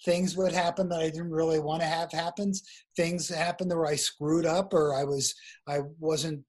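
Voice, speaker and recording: Husky man telling a story on a call. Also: fairly high pitch, little pitch movement, moderate pace, a little mellow. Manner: chatty, laughing storyteller with restarts. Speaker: guest author. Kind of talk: casual interview storytelling. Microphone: video call. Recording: video call audio over weak wifi.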